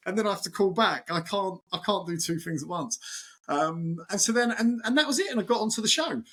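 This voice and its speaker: A man in his forties, a chef, chatting as a podcast guest and telling lively anecdotes, acting out the voices of people in his stories. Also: high-pitched, brisk. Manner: animated anecdotal storytelling, acts out quoted voices. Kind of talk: casual interview chat.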